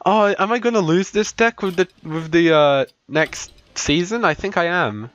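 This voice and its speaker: A man co-hosting a casual gaming podcast, excitable and laughing often. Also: high voice, normal speed, no echo, dull audio. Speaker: podcast co-host.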